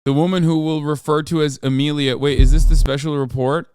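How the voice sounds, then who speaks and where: A man's voice: fairly high pitch, fairly quick, smooth, dry recording, clean studio sound. Profane ranting streamer man. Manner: profane, animated ranting, many fillers. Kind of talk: live stream reaction commentary.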